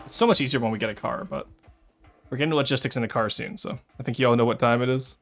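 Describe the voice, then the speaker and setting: A male streamer with a mid-range, creaky, slightly bright voice gives fast live gameplay commentary, chatting to viewers and swearing and exclaiming when attacked. Faint music plays behind him.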